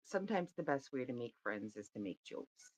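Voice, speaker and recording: A woman's voice: a bass voice, sing-song, moderate pace, dry recording. A woman in a casual group chat, teasing and joking.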